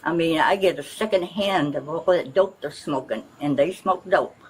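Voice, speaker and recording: A woman's voice: low voice, moderate pace, breathy edge, rough recording. An older woman rambling and complaining insistently to a police officer, recorded on a bodycam. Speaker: resident questioned by police. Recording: outdoor bodycam audio with faint noise.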